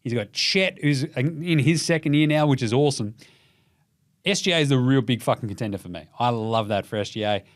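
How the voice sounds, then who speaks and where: A young Australian podcast host runs a casual basketball show in fast, loose, profane commentary full of mocking impressions. His medium-pitched voice is animated, captured in a dry, studio-quality recording.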